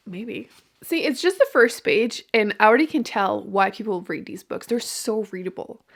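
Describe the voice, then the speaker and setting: A woman's voice: mid-range voice, a bit bright. A woman book vlogger chatting casually at home to a microphone, giggly and self-deprecating as she reacts to what she reads. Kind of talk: casual reading vlog chat. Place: indoor room at home.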